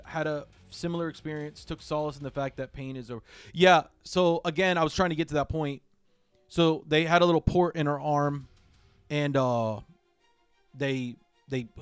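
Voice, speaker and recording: A middle-aged man hosting a game livestream, talking casually, halting and repeating himself as he speaks from the heart. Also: fairly high pitch, no echo. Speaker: livestream gamer host.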